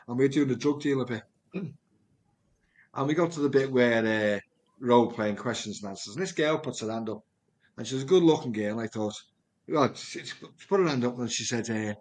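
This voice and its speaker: Earnest man telling stories. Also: medium pitch. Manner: earnest, animated storyteller with quick repeats. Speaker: project manager and guest. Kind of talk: storytelling in conversation.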